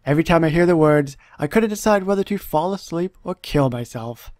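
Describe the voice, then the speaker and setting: A man's voice: fairly high pitch, expressive, fairly quick, a little mellow, lightly acted. A man reading out a brash, boastful George Washington from a mobile game in a cocky, slangy way, recorded close on a dry mic. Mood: ranting.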